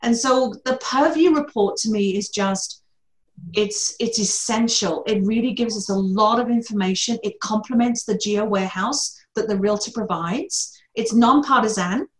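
A woman's voice: medium pitch, moderate pace. A middle-aged woman with a distinct accent, a mortgage broker being interviewed, talking bluntly and laughing at her own jokes. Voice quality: distinct accent noted by hosts. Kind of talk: casual podcast interview. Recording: roomy echo.

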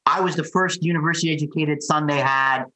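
A man, a podcast guest who tells his story in an animated way and acts out the people he quotes. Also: a little high, quick pace, rough recording.

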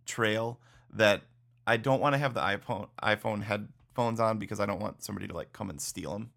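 A man with a somewhat low voice co-hosts a casual podcast. He talks in a loose, laid-back way, laughing often and dropping "dude" and "like" as he goes. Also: a little fast, creaky, fairly bright tone. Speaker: podcast co-host. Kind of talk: casual chat.

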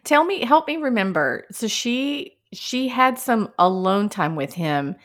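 A woman's voice: a little high, very animated, unhurried, a bit bright. A woman co-hosting a podcast, recapping in chatty, gossipy casual talk. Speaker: podcast co-host. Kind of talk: casual chat.

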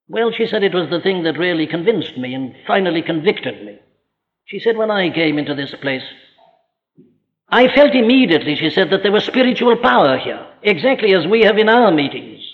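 High-voiced preacher in an echoing hall. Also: male voice. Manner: emphatic, rhetorical questions, slows for scripture. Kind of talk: sermon. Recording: old lo-fi recording in a reverberant hall.

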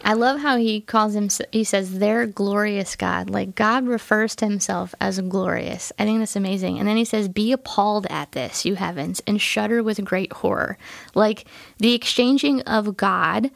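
A woman's voice: mid-range voice, normal speed, vocal fry, no echo. A woman, a pastor co-hosting a podcast, sharing earnest and enthusiastic thoughts on a Bible passage in casual conversation.

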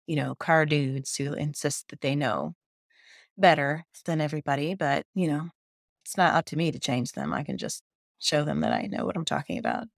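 A woman's voice: low-pitched, animated, normal speed, vocal fry, dry recording, clean studio sound. A woman in her fifties, a journalist guest telling her story in a casual podcast chat, enthusiastic and laughing often. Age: 50s.

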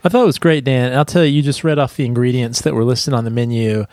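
A man's voice: medium pitch, fairly even intonation, fast, darkish tone, no room sound, clean studio sound. Stuffy-nosed man co-hosting a podcast. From United States. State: stuffy nose. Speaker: podcast co-host. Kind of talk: casual chat.

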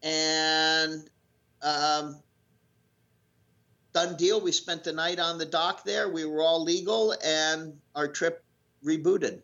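On dull, lo-fi audio, a male guest animatedly recounts a sailing story in a casual, rambling anecdote full of fillers and restarts. His voice is on the high side, and he speaks slowly with long pauses.

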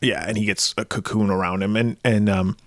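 Fairly quick with fairly even intonation, a low-leaning male voice comes through clean studio sound without echo. The podcast co-host, in his thirties, rambles through a movie recap in profane, laughing, crude banter.

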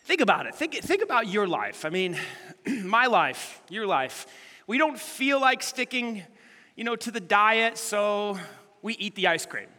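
A middle-aged male pastor preaches a casual, story-driven sermon, acting out the people in his anecdotes. His voice is bright and ringing and sits a little high. The sound carries a long reverb from a large church hall. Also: a little slow. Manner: animated storytelling, acts out quotes.

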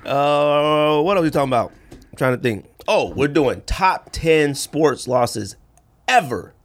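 A man's voice: fairly high pitch, animated, unhurried, slight background noise. A young man co-hosting a podcast, chatting casually and joking, laughing often. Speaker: podcast co-host. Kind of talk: casual chat.

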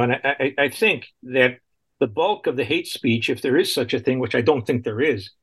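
A man's voice: medium pitch, fairly bright tone, breathy edge. A man co-hosting a talk radio show, speaking indignantly and often repeating and restarting his phrases.

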